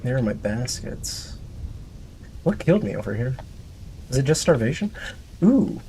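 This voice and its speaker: Male streamer, mid pitch, chatty running commentary to himself, faint ambience behind. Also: lively intonation, moderate pace, warm tone, a little hiss or hum. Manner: rambling, talks to himself and chat. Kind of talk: casual gameplay commentary.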